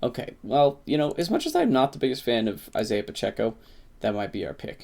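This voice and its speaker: A man giving casual, excitable commentary on his fantasy football draft, who swears at picks. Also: on the low side, brisk. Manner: says he slipped into a put-on accent.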